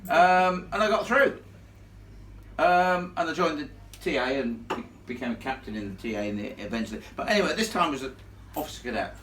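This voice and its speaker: Lively man telling a ghost story. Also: fairly high pitch, a little fast, slight background noise. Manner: animated, blunt, salty storyteller. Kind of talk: live storytelling to an audience. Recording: echoey room filmed from far off.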